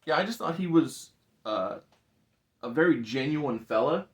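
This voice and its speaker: A man's voice: a little high, expressive, a little slow. Laughing, chatty man reviewing a movie. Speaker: podcast co-host. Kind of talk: casual movie review chat.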